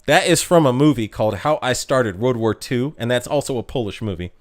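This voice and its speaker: A man's voice: mid-range voice, expressive, brisk. Chatty male streamer reading chat. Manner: chatty, laughs often, stumbles over words. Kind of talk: casual live-stream chat reading viewer comments.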